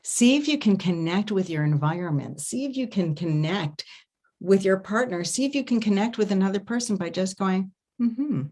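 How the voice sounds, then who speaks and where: A woman who works as an intimacy coach gives an online festival talk, recorded as an online video. Medium in pitch and moderate in pace, she is expressive, humming and acting out little sounds to demonstrate her points.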